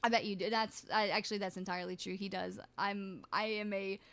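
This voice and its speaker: A woman's voice: mid-range voice, little pitch movement, fairly quick, fairly bright tone. A woman streaming live, chatting in a rambling, jokey way full of crude banter. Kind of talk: casual livestream chat.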